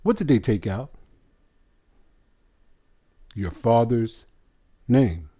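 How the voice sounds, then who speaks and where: A man teaching scripture line by line, deliberate and insistent, sounding out words syllable by syllable and asking rhetorical questions. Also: medium pitch, expressive, warm tone, slightly rough. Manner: earnest and insistent. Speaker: bible teacher.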